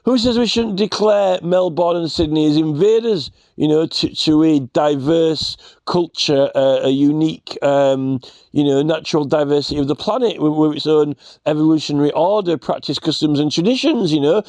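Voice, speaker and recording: A man delivers a rambling, scornful rant straight to camera, circling back on himself with fillers and restarts. His voice sits on the higher side for a man. The recording is dry and close with no room sound. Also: normal speed, darkish tone, dry recording. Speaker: vlogger. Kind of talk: ranting commentary.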